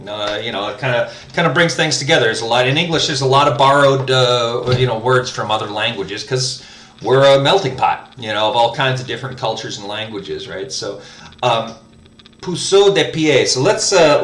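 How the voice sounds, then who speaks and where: A man working through a language lesson out loud, hesitant and full of fillers and self-corrections. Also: mid-range voice, expressive, normal speed. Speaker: language learner host. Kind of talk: casual spoken lesson, thinking aloud. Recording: roomy, mic at a distance.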